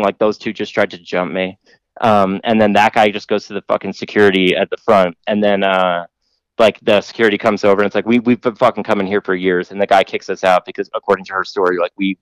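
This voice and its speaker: A man's voice: on the low side, smooth, no room sound, low-quality recording. A man hosting a podcast, telling a long story in a rambling, profane way full of fillers. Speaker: podcast host telling stories. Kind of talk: casual storytelling.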